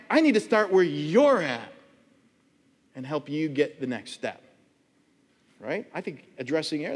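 A middle-aged male pastor preaching a sermon, telling stories and acting out loud quoted voices. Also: on the high side, husky. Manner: animated storytelling, acts out loud quoted voices. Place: church sanctuary. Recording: long hall reverb.

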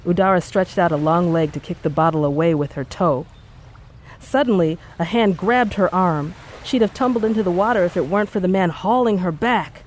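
An audiobook narrator reading a story in a measured, steady way. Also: mid-range voice, slight background noise. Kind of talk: scripted narration.

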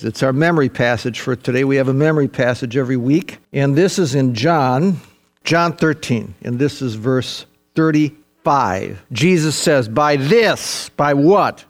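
An older male pastor delivers a sermon with a slightly high voice. He talks in a folksy way, dropping "see" and "man" into his lines. He swings between quiet asides and emphatic, fervent climbs.

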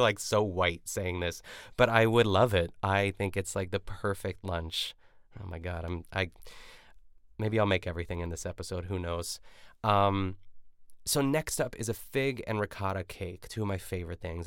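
Very deep, smooth-voiced rambling podcast host. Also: male voice, dry recording, clean studio sound. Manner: rambling, full of "like" and self-corrections. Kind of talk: casual podcast recap of a cooking show.

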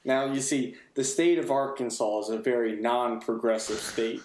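A man's voice: medium pitch, steady tone, moderate pace, a little mellow. Joking podcast guy in an echoey room. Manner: joking, teasing, mock-serious. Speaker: podcast co-host. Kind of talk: casual chat.

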